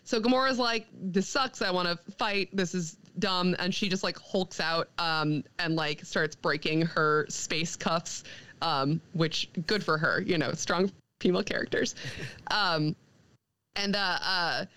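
A young woman chats casually on a podcast, retelling a comic's plot with animated energy. Her voice is bright and smooth, and she slips into quick character lines and laughs along the way. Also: on the low side, rough recording. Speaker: podcast co-host recapping a comic. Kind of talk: casual chat.

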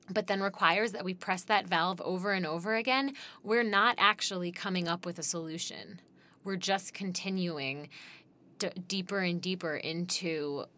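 A woman's voice: fairly low pitch, sharp tone. A young woman hosting a podcast, thinking aloud in a rambling, conversational monologue with lots of fillers and the odd swear word. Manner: profane. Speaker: podcast host. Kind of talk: casual solo podcast monologue.

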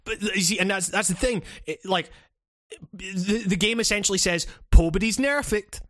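A man's voice: high voice, fairly even intonation, normal speed, sharp tone, dry recording, clean studio sound. A man ranting about a game in casual chat, rambling and swearing with many restarts. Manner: rambling, profane, frequent restarts.

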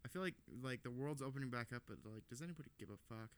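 A man's voice: medium pitch, racing, clean tone, no room sound. A young man co-hosting a podcast, rambling and swearing with lots of laughs in casual chat. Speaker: podcast co-host.

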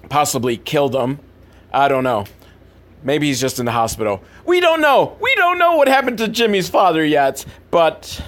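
Sarcastic guy ranting about old movies, swears a lot, voice jumps up and down. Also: medium pitch. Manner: sarcastic, profane, rambling riffs. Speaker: comedy commentary host. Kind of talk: sarcastic film commentary.

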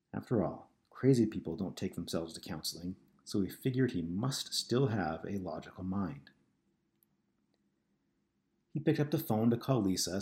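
A man reading a novel aloud in a steady, measured narration. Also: low-pitched. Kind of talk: scripted audiobook narration.

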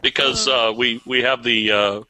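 A man co-hosting a podcast over an online voice call, playful and teasing, throwing in quick bits. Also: mid-range voice, steady tone, pushed and bright, a little hiss or hum. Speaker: podcast co-host. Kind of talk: casual comedic chat.

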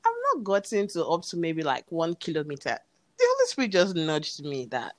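A woman's voice: low-pitched, very animated, normal speed, no room sound. A woman, earnestly retelling a personal story and acting out the dialogue. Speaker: guest telling her story.

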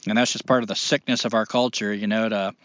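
A man's voice: lowish voice, little pitch movement, fast talker, a bit bright, dry recording. A man hosts a casual podcast in an earnest, rambling way, full of fillers and restarts. The sound is dry and a little dull. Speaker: podcast host.

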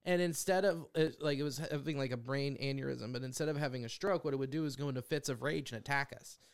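A man's voice: mid-range voice, fast talker, smooth. A man, a stand-up comedian guest, telling a story in casual, profane podcast chat and acting out other people's lines.

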